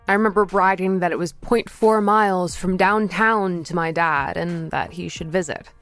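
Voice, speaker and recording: A woman's voice: fairly low pitch, a bit bright, dry recording. A young woman from Florida narrating a first-person story in a wry, conversational way. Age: young adult.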